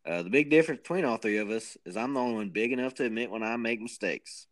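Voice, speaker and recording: A man's voice: medium pitch, fast. A man co-hosting a podcast, rambling and joking in a self-mocking way. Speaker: podcast co-host. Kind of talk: casual chat.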